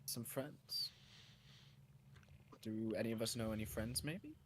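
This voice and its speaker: A man's voice: lowish voice, measured pace, heavy background noise. A man playing a tabletop game, chatting with a wry, playful manner. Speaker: player. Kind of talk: casual chat at a game table.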